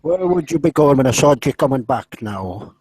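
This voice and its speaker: Irish man, mellow voice, dry close sound, casual salty banter, laughs often. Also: medium pitch, lively intonation, normal speed, breathy edge, dry recording, low-quality recording. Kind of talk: casual online group chat.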